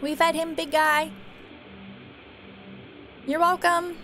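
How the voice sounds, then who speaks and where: A woman giving casual let's play commentary, chatty and laughing, often yelling profanities at characters. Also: very high voice, little pitch movement, slow, faint music behind. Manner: profane, yells at game characters. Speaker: gamer.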